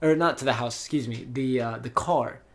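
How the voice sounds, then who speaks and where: A man's voice: medium pitch, a little fast. Young male podcast host, laid-back storyteller, lots of ums and restarts. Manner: rambling, with many fillers and restarts. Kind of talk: casual storytelling chat. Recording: voice call.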